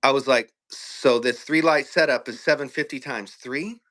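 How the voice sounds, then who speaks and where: Bright-voiced man telling a profane story. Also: mid-range voice, normal speed. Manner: profane, animated, laughs often. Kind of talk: casual storytelling.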